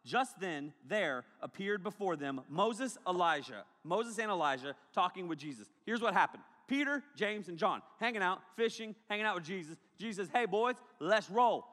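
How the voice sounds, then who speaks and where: A male pastor preaching a sermon to a congregation in a large hall, joking and animated, breaking into shouts. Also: sits high, normal speed, few pauses. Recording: long hall reverb.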